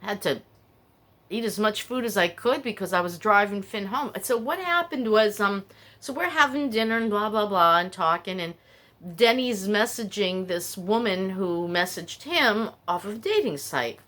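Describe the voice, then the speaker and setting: A woman's voice: medium pitch, lively intonation, moderate pace, a bit bright. An older woman hosting a casual podcast, rambling and candid as she tells stories and confides her feelings. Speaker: podcast host. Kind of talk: casual personal chat.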